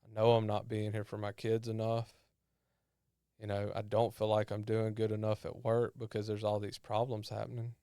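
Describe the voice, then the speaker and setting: A man with a drawl tells his story in a low, smooth voice that barely rises or falls. He halts and repeats himself as he recounts it, and the sound is close and dry. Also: monotone, dark tone, no echo. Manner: halting, repeats words when emotional. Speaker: podcast guest. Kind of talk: personal testimony storytelling.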